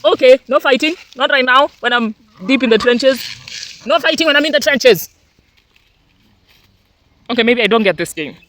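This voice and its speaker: Young woman farmer, outdoor garden vlog, high and very animated pitch, faint background noise, exclaims and scolds pets. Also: normal speed, long pauses. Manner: animated, exclamatory, scolds and coos at her dogs. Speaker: homestead farmer giving a farm tour. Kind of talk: casual vlog walkthrough.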